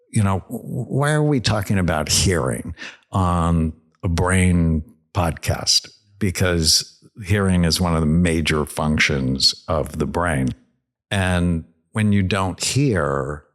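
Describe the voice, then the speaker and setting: Low-voiced guy, slow and earnest, psychiatrist hosting a podcast chat. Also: a bit bright. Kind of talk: conversational podcast interview.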